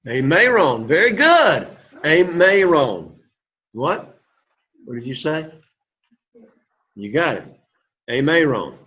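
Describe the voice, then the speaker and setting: A man's voice: fairly high pitch, huge pitch swings, takes it slowly, long pauses, sharp tone, husky. A man teaching a Greek class, encouraging the students and repeating words for them to echo, in a dull lo-fi classroom recording. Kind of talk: classroom pronunciation drill.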